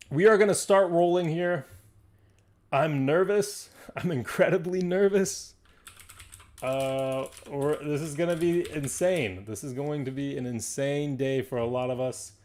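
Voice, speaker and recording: A man hosting a live stream from a card shop, talking to viewers in an excitable, rambling way and laughing often. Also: mid-range voice, smooth. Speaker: livestream host of a card shop.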